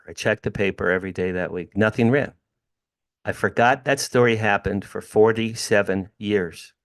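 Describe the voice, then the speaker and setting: A man in his sixties from New Jersey, a podcast guest telling an emphatic story from his home over a video call. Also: on the low side. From New Jersey, USA. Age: 60s. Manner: animated, emphatic storyteller who addresses the host by name. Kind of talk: storytelling in an interview. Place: home room with drums.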